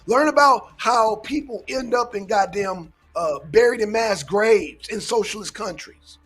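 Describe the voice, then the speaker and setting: A man's voice: sits high, measured pace, a bit bright, breathy edge, soft background music. A man hosting a casual political commentary show, lecturing his listeners emphatically and swearing often.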